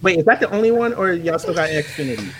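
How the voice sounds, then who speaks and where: A man's voice: fairly high pitch, big pitch swings, quick pace, fairly bright tone, slight background noise. A man in his thirties from New York, hosting a casual talk show, reading from a book and breaking off with teasing asides. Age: 30s. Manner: loose, joking, with teasing asides. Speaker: podcast host.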